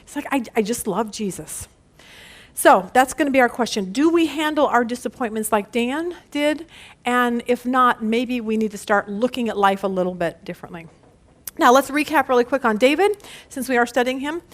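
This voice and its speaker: A woman's voice: a little high, moderate pace. A woman leading a women's Bible study, telling stories casually and with animation, often laughing at them. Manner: animated storyteller who laughs at her own stories; casual and conversational.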